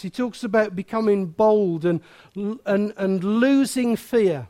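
A man preaching a sermon in a lively, joking way, with sudden loud outbursts. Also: high voice, unhurried.

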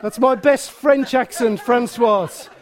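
High-voiced preacher. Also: male voice, slow pace, some chatter behind. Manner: chatty, self-mocking, asks the room questions. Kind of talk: sermon.

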